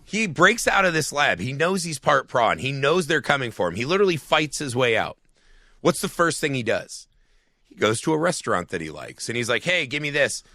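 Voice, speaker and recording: A man's voice: mid-range voice, a little fast, no echo, clean studio sound. A man co-hosting a podcast, chatting casually about a film and retelling its scenes with plenty of swearing. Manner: profane, animated scene retelling. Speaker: podcast co-host.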